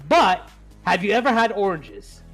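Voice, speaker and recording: A man voicing a lovesick young knight who pitches like a salesman. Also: big pitch swings, unhurried, a bit bright, soft background music, full character voice. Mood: coaxing. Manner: coaxing, salesman-like.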